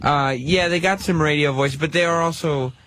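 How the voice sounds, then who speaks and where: A man on a radio show reviewing another program, speaking in a hesitant, halting way. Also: on the high side, fairly even intonation, fairly bright tone, a little hiss or hum. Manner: hesitant, halting, full of fillers. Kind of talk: casual studio discussion. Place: radio studio. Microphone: studio microphone.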